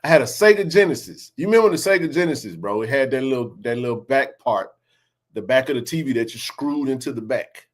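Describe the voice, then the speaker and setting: A man's voice: medium pitch, fairly quick. A man in his forties hosting a sports podcast, telling neighborhood stories in a laughing, slangy way. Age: 40s. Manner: laughing, animated storyteller with slang. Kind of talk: casual storytelling chat.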